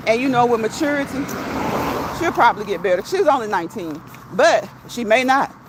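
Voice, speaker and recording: A woman vlogging while out on a walk, telling a story in a casual, animated way, laughing often and reading viewer comments aloud. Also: a little high, a little fast, background noise. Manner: reads live chat comments aloud. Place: outdoors on a walk.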